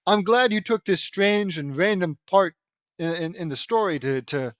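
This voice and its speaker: A man's voice: high voice, moderate pace, fairly bright tone, no echo. A man reading fan fiction aloud and breaking off into sarcastic, mocking commentary. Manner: sarcastic, mocking, easily exasperated.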